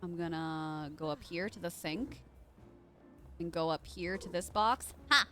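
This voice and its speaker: Excitable, swearing woman streamer. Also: fairly low pitch, measured pace, over loud music. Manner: excitable, swearing, shrieks in panic. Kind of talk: live game stream commentary.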